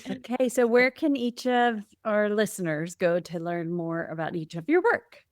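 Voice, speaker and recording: A woman's voice: medium pitch, expressive, moderate pace, no room sound, clean studio sound. An American woman co-hosting a podcast, playful and laughing often as she interviews guests. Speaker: podcast co-host.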